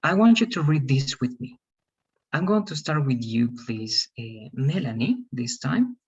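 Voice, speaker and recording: A man's voice: medium pitch, big pitch swings, unhurried, slightly rough, lo-fi sound. A man teaching English pronunciation over a video call, patient and repetitive, calling on students by name. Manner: patient, repeats okay and right, calls on students by name. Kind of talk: online class teaching.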